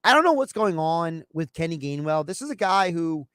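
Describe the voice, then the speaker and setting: A high-pitched male sports host talking in a loose, conversational way. He slips into little acted-out phone calls as he makes his points. The sound is close and dry, with almost no room around it. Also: normal speed, clear, resonant tone, dry recording. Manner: animated, acts out imagined phone calls. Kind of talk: casual sports talk.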